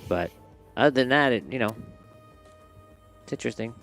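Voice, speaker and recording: A man narrating as game master of a tabletop role-playing game, rambling and relaxed with many fillers. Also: mid-range voice, moderate pace, soft background music.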